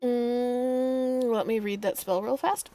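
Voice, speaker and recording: A woman's voice: on the high side, fairly even intonation, slow, mellow, dry recording. A woman as game master, explaining the scene in a laid-back, casual way. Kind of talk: casual tabletop game narration.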